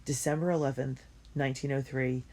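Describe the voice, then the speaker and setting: A woman reading a first-person diary story aloud in an earnest and expressive way. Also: rumbling low, fairly quick. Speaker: audiobook reader.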